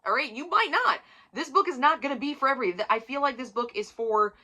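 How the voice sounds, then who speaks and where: Emphatic, bright-voiced woman reviewing a book. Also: high-pitched, lively intonation, a little fast, poor audio. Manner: emphatic, profane, swings from loud to near-whisper. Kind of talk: casual book review vlog.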